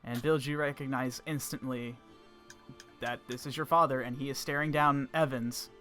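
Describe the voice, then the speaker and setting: Guy running a tabletop game, casual, halting, mid pitch, faint music. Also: steady tone, sharp tone. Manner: casual, halting narration with fillers. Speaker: game master.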